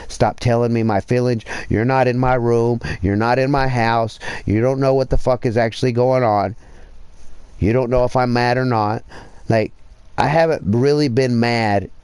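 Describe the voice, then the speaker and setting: Man, streamer. Profane rambling rant, pushes louder for emphasis, dry close sound. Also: mid-range voice, clear, resonant tone, no room sound. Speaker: livestreamer. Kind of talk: casual livestream rant.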